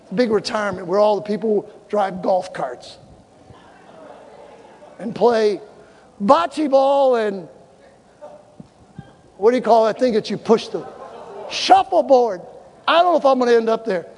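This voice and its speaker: A male pastor preaching a sermon in a church, telling funny stories and breaking into shouted exhortations. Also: high-pitched, measured pace, pauses often, long reverb tail, a little hiss or hum. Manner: animated, humorous storytelling with shouted exhortations. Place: church sanctuary.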